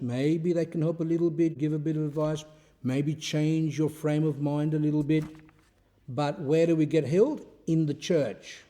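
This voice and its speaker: A man in the role of a priest delivers a relaxed spiritual talk, his voice sitting a little high for a man yet warm and mellow. He asks rhetorical questions and tells stories in an easy, chatty way, often repeating himself as he goes. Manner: conversational storytelling with rhetorical questions; repeats and restarts phrases. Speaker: Orthodox priest.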